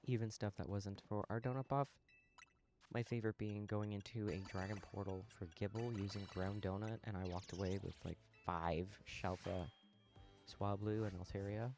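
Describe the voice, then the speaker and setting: This is a man with a lowish voice, live-streaming a game and talking casually to his viewers as he plays. He sounds relaxed and a touch sleepy. Quiet game music runs faintly behind him. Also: moderate pace. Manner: relaxed, talks to chat while playing, yawning. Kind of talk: casual live-stream chat while gaming.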